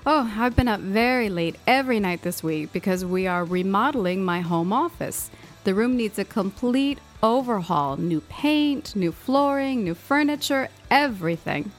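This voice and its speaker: A woman's voice: mid-range voice, animated, moderate pace, soft background music. A woman co-hosting a podcast, reading a scripted English-lesson dialogue in a sleepy, apologetic way while explaining words. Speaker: podcast co-host.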